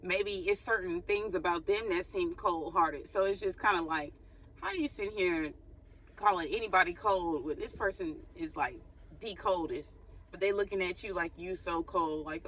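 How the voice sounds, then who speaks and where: A woman's voice: on the low side, normal speed, fairly bright tone, a little hiss or hum, rough recording. A woman hosting a spiritual channel, giving viewers a casual spoken reading in a chatty, loose way with informal slang.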